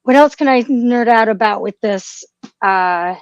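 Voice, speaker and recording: A woman's voice: a little high, a little slow, dry recording, highs cut off. A woman co-hosting a casual podcast chat, gushing and emotional, with frequent restarts and fillers. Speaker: podcast co-host.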